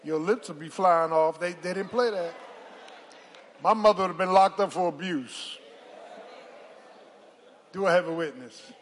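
An older woman preaching a sermon, telling folksy stories and calling out to the congregation, dropping to hushed asides and rising to shouts. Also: lowish voice, a little slow, pauses often, a little hiss or hum. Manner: dramatic swings from hushed asides to shouted exclamations; folksy storytelling with call-and-response to the congregation.

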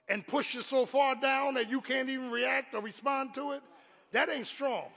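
A man preaching a sermon as pastor, with call-and-response lines, swinging from quiet talk to shouted peaks. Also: extremely high pitch, steady tone, a little slow, in a large hall.

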